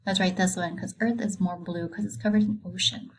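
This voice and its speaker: A woman's voice: fairly low pitch, steady tone, fairly quick, a little hiss or hum, rough recording. A woman teaching a recorded reading lesson to kindergarteners, patient and encouraging, asking simple questions and praising answers.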